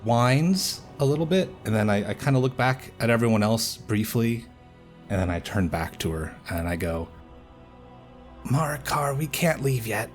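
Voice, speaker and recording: A man's voice: lowish voice, moderate pace, faint music behind. A man describing his character's actions as a player in a tabletop game, thoughtful and hesitant. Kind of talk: tabletop role-play.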